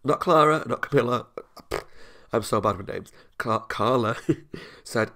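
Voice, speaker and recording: A man with a gravelly, creaky edge to his voice, chatting through an episode review. He talks in an easy, openly emotional way and laughs at himself as he goes. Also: fairly low pitch, steady tone, normal speed, bright, forceful tone. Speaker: reaction video host. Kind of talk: casual spoken episode review.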